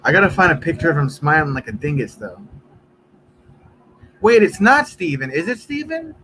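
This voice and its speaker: A man's voice: fairly high pitch, very animated, normal speed, pushed and bright, a little hiss or hum, rough recording. A man live streaming, chatting casually with viewers in a rambling, profane way.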